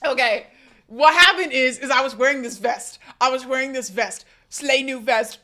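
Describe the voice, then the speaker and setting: A young woman streaming live, chatting casually in a giggly, chaotic way with loud outbursts. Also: sits high, unhurried.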